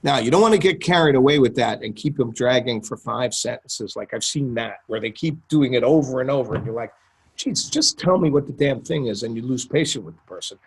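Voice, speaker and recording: Through call audio, a man coaching copywriting talks to a group conversationally, often checking in with those listening. His husky mid-range voice is brisk, with hardly any pauses.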